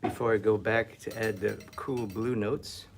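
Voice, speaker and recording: Man, art teacher painting on camera, low gravelly voice, mutters and whispers self-critically. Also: steady tone, unhurried, noisy background. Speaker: art instructor. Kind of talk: painting demo with self-talk.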